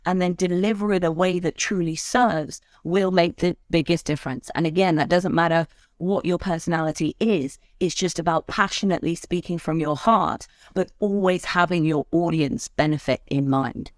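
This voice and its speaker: A woman's voice: on the low side, normal speed, no echo, studio quality. A woman who works as a speaker trainer, talking expressively as a podcast guest and shifting her tone to make her points. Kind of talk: conversational interview.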